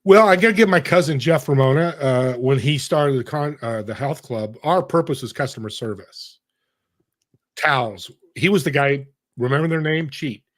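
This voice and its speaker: In a medium-pitched voice at a moderate pace, a middle-aged interview guest shares conversational stories. He's animated and addresses the audience directly.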